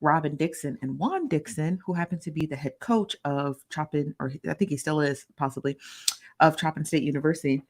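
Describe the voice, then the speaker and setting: A woman's voice: sits low, brisk, a little mellow. Chatty woman hosting a live stream. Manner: chatty and playful, greets viewers by name; conversational asides and rhetorical questions. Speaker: host of a live gossip stream. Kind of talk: casual live-stream commentary.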